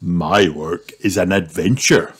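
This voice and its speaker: A man voicing a jolly father pig in a storybook read-aloud, calm, cheery and playful. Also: low voice, takes it slowly, background noise.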